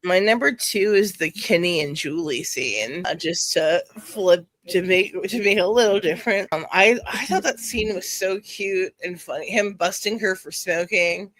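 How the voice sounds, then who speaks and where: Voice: mid-range voice, normal speed, hardly any pauses, a bit bright, dry recording. A podcast co-host in casual chat about a TV show, chatty with laughing asides.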